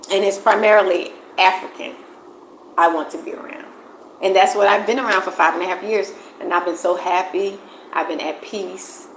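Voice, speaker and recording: A woman's voice: mid-range voice, fairly bright tone, a little hiss or hum. Emphatic American woman in echoey room. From United States. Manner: emphatic, repeats phrases for stress. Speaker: vlogger answering live chat. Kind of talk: casual livestream talk.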